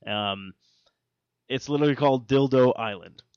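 A man's voice: medium pitch, moderate pace, clean tone, no echo. Man, podcast host, casual chat, rambling, profane storytelling, dull dry recording.

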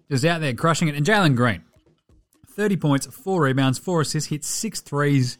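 Australian male podcast host, a bit high-pitched, very lively delivery, foul-mouthed joker, faint music under him. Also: normal speed. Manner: sweary, jokey, rambling banter. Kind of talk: casual sports podcast commentary.

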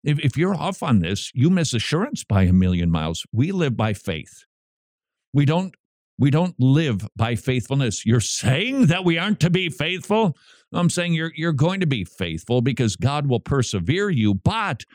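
A man's voice: medium pitch, sing-song, moderate pace, darkish tone, no echo, studio quality. A man hosting a radio show, preaching with emphatic, repeated lines. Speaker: radio host.

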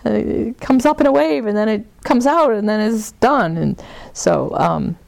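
A woman leading a forgiveness workshop, talking gently and meandering with soft laughs as she guides the group. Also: a little high, animated, unhurried, creaky, dry recording. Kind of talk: guiding a group session.

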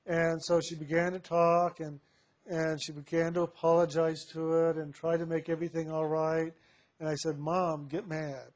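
A man telling a personal story in a reflective, unhurried way, with soft laughs now and then. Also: a little high, monotone.

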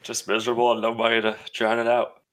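A man's voice: mid-range voice, completely flat delivery, fast, a bit bright. A man in casual chat with friends, teasing them with dry humor.

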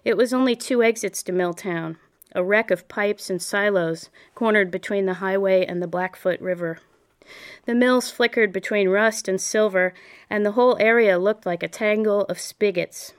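A woman narrating a memoir audiobook in a measured, reflective way. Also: medium pitch, smooth.

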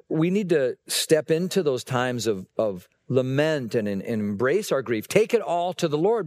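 A man's voice: fairly high pitch, a little mellow, no room sound. A man preaching a Christmas sermon in a conversational way, asking the listeners questions and often repeating words. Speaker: pastor.

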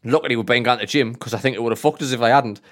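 A Northern English man co-hosting a podcast, telling an animated story full of swearing and frequent laughter. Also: mid-range voice, rapid-fire. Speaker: podcast co-host. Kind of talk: casual chat, storytelling.

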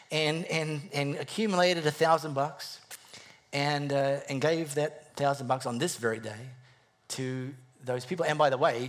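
A man's voice: mid-range voice, fairly bright tone. A male preacher giving a sermon in a jokey, conversational storytelling way, with wry self-deprecating humor and frequent restarts.

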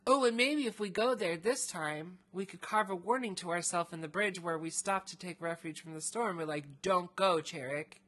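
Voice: medium pitch, normal speed, hardly any pauses, pushed and bright. A co-host trading sarcastic, joking quips while a story is read aloud. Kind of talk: casual chat about a gamebook.

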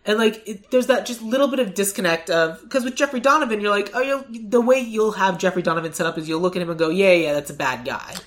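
Podcast host rambling about casting, mid pitch, lots of likes and fillers. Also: lively intonation, fast talker, few pauses. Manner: rambling, many fillers, acts out quoted lines. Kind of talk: casual chat.

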